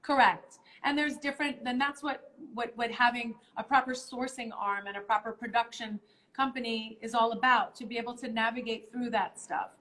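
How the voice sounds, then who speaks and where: A woman's voice: fairly high pitch, steady tone, moderate pace, sharp tone, poor audio. A woman hosting a live stream in casual chat, explaining things step by step with many ums.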